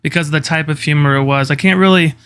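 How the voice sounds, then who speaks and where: A man with a fairly high, bright voice talks casually on a podcast. His speech is clear and smooth, and he drifts from point to point with lots of fillers and the odd swear. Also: fast. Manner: chatty, profane, quotes scenes with animated impressions. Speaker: podcast co-host. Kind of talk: casual chat.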